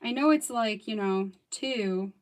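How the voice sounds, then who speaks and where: A woman's voice: medium pitch, unhurried. A woman in her thirties chatting casually while crafting on a livestream, rambling and laughing often. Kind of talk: casual live crafting chat.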